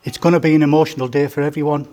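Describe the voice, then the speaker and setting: A man's voice: a little high, steady tone, rapid-fire, dark tone. A man, giving a joking, story-filled father of the bride speech at a wedding reception. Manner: joking, storytelling, teasing the groom. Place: indoor wedding reception room.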